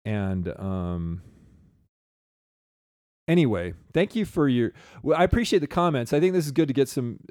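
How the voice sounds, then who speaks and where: A man's voice: mid-range voice, expressive, normal speed, pauses often, a little mellow, no echo, clean studio sound. A man co-hosting a podcast in casual chat, rambling and reading listener comments aloud. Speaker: podcast co-host.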